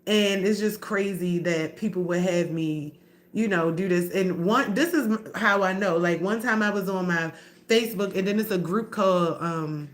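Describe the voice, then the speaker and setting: A woman's voice: lowish voice, normal speed. A middle-aged woman livestreaming to her viewers, talking candidly and emotionally in a rambling, slangy, profane way. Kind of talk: casual livestream talk to viewers.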